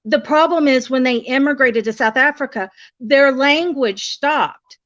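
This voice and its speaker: A woman's voice: high voice, unhurried, a bit bright. A middle-aged woman in casual conversation, rambling and restarting her sentences often. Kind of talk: casual chat. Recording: dull lo-fi audio.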